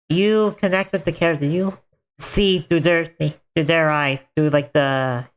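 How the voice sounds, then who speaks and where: A man's voice: on the high side, fairly even intonation, a little slow, clear, resonant tone. A man streaming a game, chatting casually in a rambling way full of filler words. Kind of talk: casual chat while gaming.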